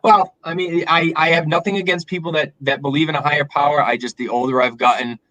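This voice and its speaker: A man's voice: fairly high pitch, fairly even intonation, fast, pushed and bright, dry recording, rough recording. A man from south of Boston with an Eastern Massachusetts accent, talking as a guest on a live stream over a video call in a candid, reflective way. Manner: candid, reflective, with frequent restarts. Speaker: guest filmmaker. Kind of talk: casual live-stream chat.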